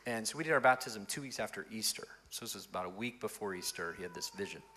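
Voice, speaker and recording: A male pastor telling stories in an interview, in an animated and expressive way. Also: lowish voice, fast talker. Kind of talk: storytelling in an interview.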